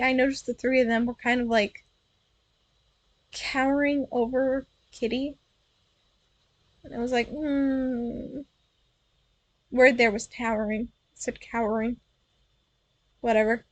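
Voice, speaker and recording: High-voiced young woman telling stories. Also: no room sound, low-quality recording. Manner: chatty, playful, self-correcting. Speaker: virtual streamer telling stories. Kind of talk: casual storytelling.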